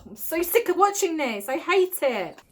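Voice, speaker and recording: A woman's voice: very high-pitched, big pitch swings, moderate pace, faint music behind. A woman hosting a reaction video, mocking a film with sarcastic, exasperated commentary and frequent swearing.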